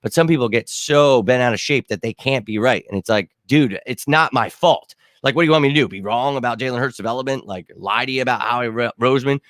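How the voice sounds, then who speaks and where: A man's voice: medium pitch, quick pace, few pauses, fairly bright tone, no room sound. A man hosting a casual sports talk livestream, ranting in an exasperated tone and talking to his chat. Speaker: host of a sports talk show.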